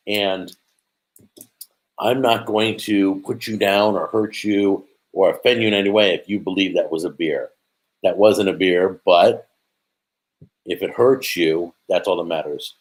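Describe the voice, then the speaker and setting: Chatty low-voiced man rambling on a live stream. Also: poor audio. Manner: rambling, chatty, halting with many fillers. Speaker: host reading live chat. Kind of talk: casual live-stream chat.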